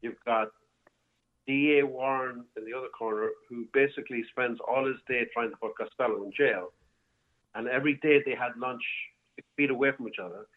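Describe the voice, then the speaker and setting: A man, a bar owner, telling a rambling story at an ordinary pitch. He keeps restarting and filling gaps as he goes. His voice comes through a tinny, phone-like line. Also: fairly even intonation, a little fast. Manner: rambling, with many restarts and fillers. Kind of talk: casual storytelling. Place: home, calling in by phone.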